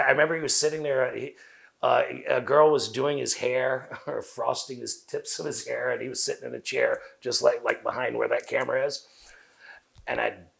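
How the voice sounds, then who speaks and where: A man with a Southern US accent, a guest in an interview, telling long profane stories full of quoted dialogue at a rapid clip. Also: mid-range voice, creaky, a bit bright. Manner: fast talker. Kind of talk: casual interview storytelling.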